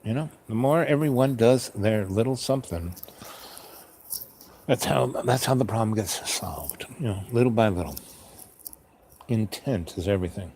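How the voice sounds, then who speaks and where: A man with a lowish voice rambles through a casual solo talk as host. He drifts from point to point and muses aloud with plenty of restarts. Faint noise sits under him. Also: expressive, moderate pace, pauses often, darkish tone. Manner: meandering, musing, asks himself questions.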